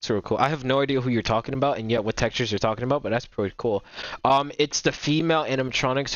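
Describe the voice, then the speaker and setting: A man's voice: medium pitch, fast, no echo, muffled recording. A young man casually commenting on a game while chatting with viewers, rambling and repeating himself, often apologizing. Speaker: gaming streamer.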